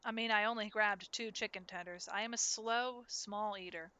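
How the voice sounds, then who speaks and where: Bright-voiced young woman streamer. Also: mid-range voice, steady tone, normal speed. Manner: chatty and self-deprecating. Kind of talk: casual gameplay chat.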